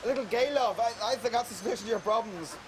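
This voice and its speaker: Northern irish guy teasing a crowd outdoors, real high voice, bit of hiss. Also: rapid-fire. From Northern Ireland. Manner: cheeky, teasing, joking. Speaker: public art participant addressing a crowd. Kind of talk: live banter with a crowd. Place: outdoors in a large public square.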